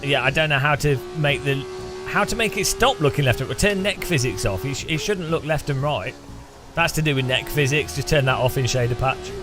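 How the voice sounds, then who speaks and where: A man's voice: medium pitch, a little fast, over music. A man streaming a racing game, chatting casually and teasing his viewers with jokes. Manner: teasing, joking, chatty with restarts. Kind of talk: casual gameplay commentary.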